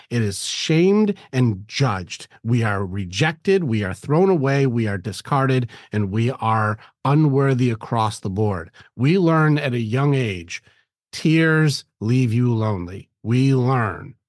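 A man's voice: mid-range voice, darkish tone, no room sound, clean studio sound. A man hosting a podcast, talking emphatically in casual conversation and acting out quotes in mock voices. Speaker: podcast host.

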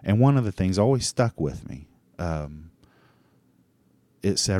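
A man's voice: sits low, animated, moderate pace, warm tone, no echo. A man hosting a solo talk show, rambling in a loose, profane monologue full of restarts and fillers. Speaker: podcast host.

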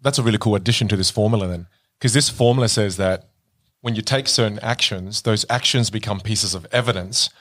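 Co-host, man with a lowish voice, attentive, recaps ideas in plain words. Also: fairly quick, fairly bright tone. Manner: attentive listener who sums up ideas. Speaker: podcast co-host. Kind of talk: casual conversational chat.

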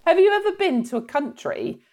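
An English woman talking casually, her pitch rising and falling with animated swings. She is playful, drifting into mock voices and laughing between thoughts. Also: brisk. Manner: playful, slips into mock accents and laughs often. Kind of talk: casual chat.

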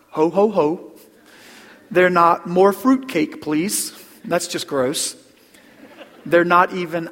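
Earnest pastor in a reverberant church. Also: male voice, fairly high pitch. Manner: earnest, repeats words, drops to a hush on key phrases. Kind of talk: sermon. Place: church sanctuary. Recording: long hall reverb.

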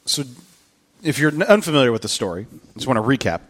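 A man's voice: mid-range voice, big pitch swings, fast talker, fairly bright tone. A man preaching a sermon in an earnest, conversational way, often repeating his words as he goes. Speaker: pastor.

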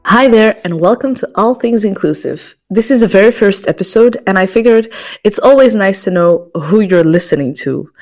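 Woman in her twenties hosting a podcast. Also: mid-range voice. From Belgium. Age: 20s. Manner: personal, reflective storytelling. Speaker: podcast host. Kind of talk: scripted podcast monologue.

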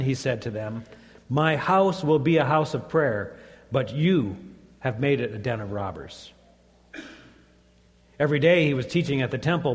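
Plainspoken man preaching in a reverberant hall. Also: mid-range voice. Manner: conversational, plainspoken, reads scripture aloud. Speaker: pastor. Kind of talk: sermon. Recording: long reverb of a church hall.

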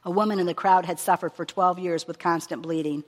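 A woman's voice: on the low side, fairly even intonation, brisk. Earnest woman preaching in a reverberant hall. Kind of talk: sermon with a long scripture reading.

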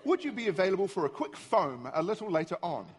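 A man's voice: high-pitched, sing-song, quick pace, breathy edge, full character voice. A man voicing a female phone voice assistant that reads messages back in a level, mechanical way.

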